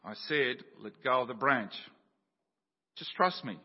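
Preacher doing god, calm and patient, slow steady instructions, long echo in a church hall. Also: male voice, medium pitch, slightly rough. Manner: calm, gentle, unhurried instruction. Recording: dull sound with long church reverb.

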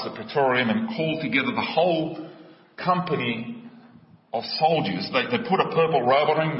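A man preaching a sermon, impassioned and driving home his questions. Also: medium pitch. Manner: impassioned, rising to emphatic questions. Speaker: pastor. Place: church hall. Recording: echoey hall, distant mic, dull sound.

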